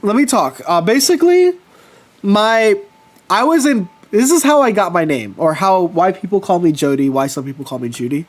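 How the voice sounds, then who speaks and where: A man chatting casually with his livestream viewers, telling personal stories with lively swearing. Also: sits high, normal speed. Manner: animated storytelling, swears casually. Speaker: streamer.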